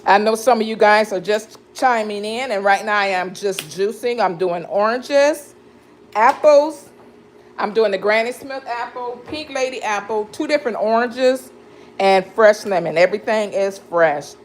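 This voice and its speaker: A woman's voice: medium pitch, unhurried, slight background noise. A woman chatting casually with viewers on a live stream while she cuts fruit and juices in her kitchen, greeting people by name and laughing often. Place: home kitchen.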